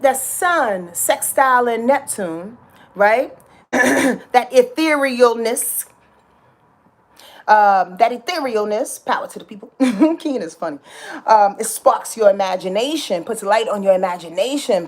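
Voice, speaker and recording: Passionate, emphatic woman astrologer. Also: fairly high pitch. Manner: passionate, emphatic, dramatic and repetitive; profane and slangy. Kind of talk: casual astrology talk.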